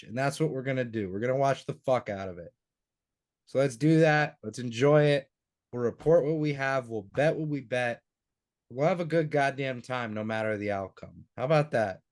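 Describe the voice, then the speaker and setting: A man's voice: medium pitch, darkish tone. A young man co-hosting a sports betting podcast, rambling through his picks in casual chat and swearing freely. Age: young adult. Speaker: podcast co-host.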